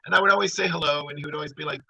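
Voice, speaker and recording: A man's voice: a little high, fairly even intonation, very fast, vocal fry, bright, forceful tone, breathy edge, dry recording, low-quality recording. A middle-aged man telling a personal story in a rambling, conversational way. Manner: rambling, conversational, full of fillers.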